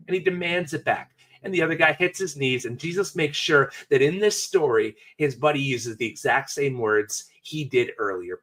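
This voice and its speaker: A male pastor preaching in a chatty, storytelling way, tossing in jokey asides. His voice sits a bit high and leaps around a lot in pitch. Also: sing-song, normal speed, fairly bright tone. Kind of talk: sermon.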